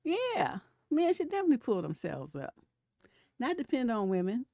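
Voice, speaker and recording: A woman's voice: a little high, big pitch swings, brisk, gravelly, mellow, no echo, studio quality. A middle-aged woman, a relationship coach, hosting a casual live stream, telling stories bluntly with a lot of profanity and laughter. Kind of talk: casual livestream commentary.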